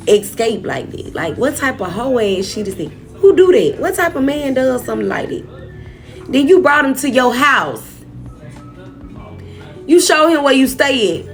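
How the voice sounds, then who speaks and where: Blunt, indignant woman telling a story. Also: fairly high pitch. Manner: animated, with sudden shouts. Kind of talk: casual storytime vlog.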